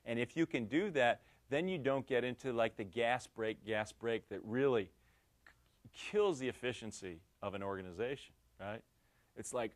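A middle-aged man giving a lecture, telling lively anecdotes and acting out the dialogue, with frequent restarts. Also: mid-range voice, moderate pace. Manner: lively storytelling, acts out quoted dialogue, many restarts. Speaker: guest speaker.

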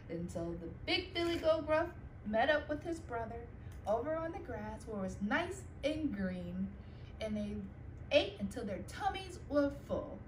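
A woman librarian tells a children's story at a slow, sing-song pace. Her voice is slightly high and swoops lively, with a roomy echo and a faint hum in the background. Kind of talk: storytime read-aloud.

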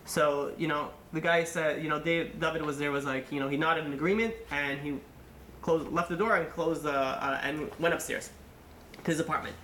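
A man, a rabbi, telling a long story in a sermon, animated and full of fillers, acting out the people in it. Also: on the high side, normal speed, roomy sound, a little hiss or hum. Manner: animated, acts out quotes, many fillers.

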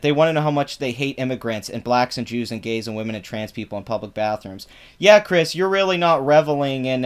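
This man, a political commentary vlogger, rants about online posts in a mocking, profane way. Loud swings in pitch mark his delivery.

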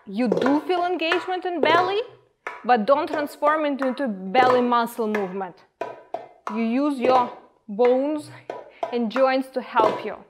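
High-voiced woman coaching a dance class. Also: measured pace, noisy background. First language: Ukrainian. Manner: calm, coaching cues with counting. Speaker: belly dance instructor. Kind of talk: guided dance class instruction.

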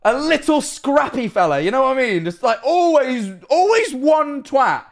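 A man's voice: extremely high pitch, sing-song, normal speed, vocal fry. A young man casually reacting to videos on stream, rambling, swearing freely and laughing often.

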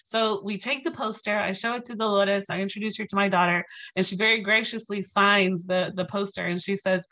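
A woman in her thirties speaks to an audience as a guest lecturer, telling a personal story in an animated, conversational way. Her voice is bright and forceful, and she keeps checking in with her listeners with a quick "right?". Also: mid-range voice.

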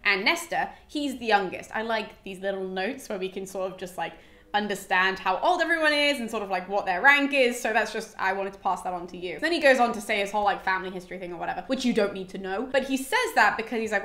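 Brit girl doing a casual book recap, kinda high voice, chatty and jokey, echoey room. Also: a little fast, fairly bright tone. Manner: chatty, playful asides and slangy commentary. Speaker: podcast host summarizing a classic.

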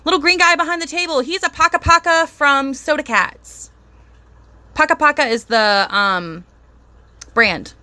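An excitable, bubbly woman hosting a casual live stream from home, chatting to viewers and thanking them by name. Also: sits high, a little slow, no echo. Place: at home with a dog.

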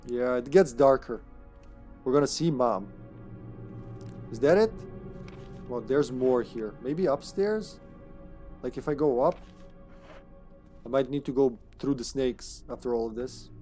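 A game streamer giving chatty live commentary on a horror game, excitable and swearing when startled. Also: mid-range voice, a little slow, long pauses, soft background music.

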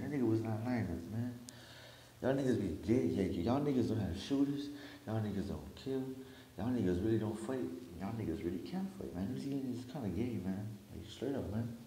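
A man's voice: on the low side, warm tone. A man from Hawaii with a Hawaiian accent, ranting casually in profane, slangy, repetitive boasts. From Hawaii, Big Island. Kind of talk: casual rant. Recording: echoey room with faint hiss.

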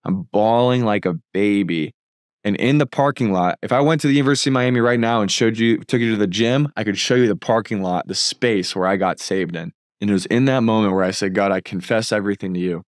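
A man's voice: on the low side, a little fast, dry recording, studio quality. A man in his thirties sharing a personal faith testimony, earnest and fervent as he tells his story and turns to an appeal. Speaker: filmmaker and content creator.

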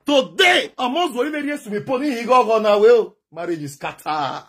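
A man's voice: very high-pitched, expressive, normal speed, fairly bright tone, breathy edge. A man with a Nigerian Pidgin accent giving emphatic, lecturing advice to camera, often raising his voice. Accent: Nigerian Pidgin English. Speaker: social media commentator. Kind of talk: direct-to-camera advice monologue.

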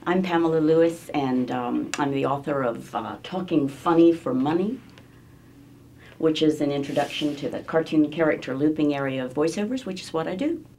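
A woman's voice: deep voice, moderate pace, a little hiss or hum. A woman who works as a voice-over artist, talking in a casual interview and slipping into playful voices. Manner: lively, shifting into playful voices.

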